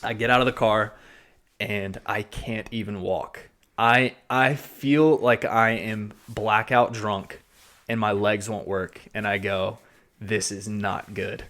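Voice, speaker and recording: Man, podcast co-host, casual storytelling, animated, swearing, acts out quotes. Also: lowish voice, slow. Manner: animated, swearing, acts out his own past lines.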